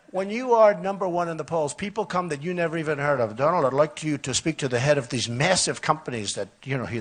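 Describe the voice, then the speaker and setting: An older man speaks at a campaign rally through a podium microphone. His voice is husky and sits high for a man, and he rambles, circling back over his points again and again. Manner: rambling, repetitive, conversational boasting. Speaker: political candidate. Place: outdoor or hall rally.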